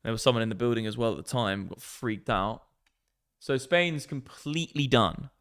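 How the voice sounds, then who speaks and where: A man's voice: mid-range voice, normal speed, a bit bright, no echo, clean studio sound. A young man hosting a trading livestream, chatting casually and sweary while reading out viewer comments. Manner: brash, sweary banter with a running joke. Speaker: crypto trading livestream host.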